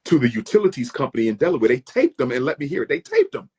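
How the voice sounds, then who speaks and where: A man in a played clip speaks to an audience, emphatic and aggrieved. His voice is husky and sits at a middle pitch. He swings it widely for emphasis. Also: huge pitch swings, rapid-fire, darkish tone. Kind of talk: address to an audience.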